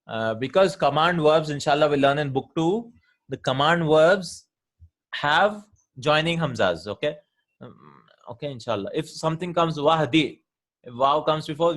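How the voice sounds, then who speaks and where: Man teaching Arabic, checking "right?" often. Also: medium pitch. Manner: explains step by step, often checks with "right?" and "hmm?". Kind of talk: online Quran Arabic lesson.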